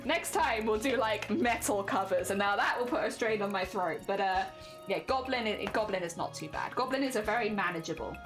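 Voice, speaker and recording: A woman streamer in casual live-stream chat with a high-pitched voice, chatty and self-deprecating, often giggling. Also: expressive, fairly quick, over music.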